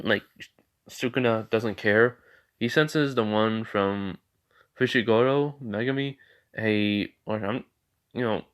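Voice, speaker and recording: Rambling man narrating a fan story. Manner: rambling, many fillers, jumps in pitch.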